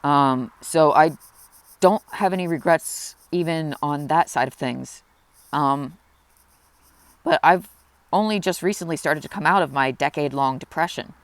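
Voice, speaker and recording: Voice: mid-range voice, a little slow, no echo. Earnest young vlogger in their twenties, open and reflective, close to tears at times, mid-range voice. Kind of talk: confessional personal vlog.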